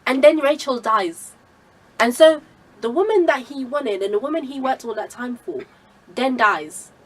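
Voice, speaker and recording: A woman's voice: high voice, lively intonation, unhurried, far from the mic, rough recording. A woman giving an informal Bible teaching, telling the story conversationally with many asides. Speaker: Christian vlogger sharing a Bible message.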